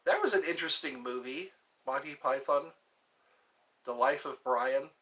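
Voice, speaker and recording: Speaking at normal speed with a medium pitch and a bright, forceful tone, another man hosts a casual livestream. His answers to viewer questions ramble, joke around, and wander between subjects.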